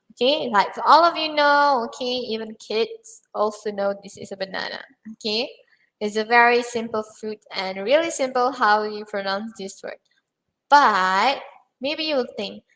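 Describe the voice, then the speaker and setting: A woman's voice: on the high side, fairly bright tone, low-quality recording. A young woman teaching English pronunciation in an online lesson, patiently repeating words for learners.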